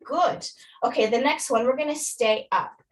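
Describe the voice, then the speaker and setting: A woman's voice: high voice, moderate pace, recorded from a distance, poor audio. A woman fitness instructor, a little out of breath, guiding a workout and counting reps with encouragement.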